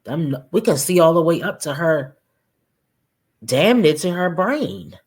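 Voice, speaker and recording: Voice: medium pitch, lively intonation, measured pace, slightly rough. A reaction host giving sarcastic commentary on a vlog clip, teasing the people in it and speaking straight to viewers.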